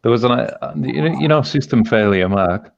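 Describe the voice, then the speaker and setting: A man's voice: mid-range voice, animated, normal speed, creaky, slight background noise. A man chatting loosely on a podcast, his voice rising and falling freely. The sound is muffled and lo-fi. He laughs often and keeps things playful. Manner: laughs often, tries playful accent impressions. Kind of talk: casual chat. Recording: dull lo-fi audio.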